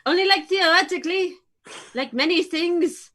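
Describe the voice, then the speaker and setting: A woman's voice: very high-pitched, moderate pace, a bit bright. A woman playing in a tabletop game, chatting casually and hesitantly, poking fun at herself. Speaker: player.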